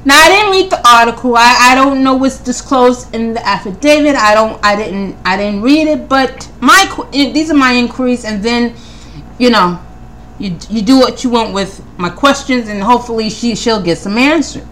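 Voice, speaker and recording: A woman's voice: fairly high pitch, a little hiss or hum. A woman hosting a podcast, talking through her notes in casual commentary, firing off one pointed question after another and often repeating her words. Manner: animated, rapid-fire questioning, repeats words; preacherly Christian tone. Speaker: podcast host.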